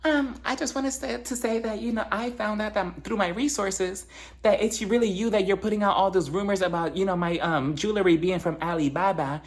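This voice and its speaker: A man voicing a woman who haltingly confronts someone, stumbling with ums. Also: sits high, pitched above the performer's own voice. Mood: hesitant. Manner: halting, hesitant, full of ums. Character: hesitant woman confronting a rival, high and breathy.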